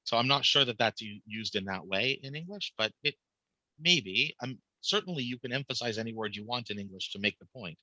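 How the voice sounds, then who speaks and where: A man's voice: mid-range voice, lively intonation, fairly quick, pushed and bright, dry recording, poor audio. A man, a cantor, teaching a class casually, explaining prayer translations and questioning his students.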